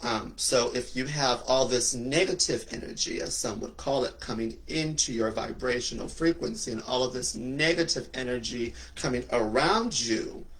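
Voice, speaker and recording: A man's voice: mid-range voice, moderate pace, hardly any pauses, fairly bright tone. A young man giving a flamboyant, preachy motivational monologue, with sassy asides. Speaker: spiritual talk host.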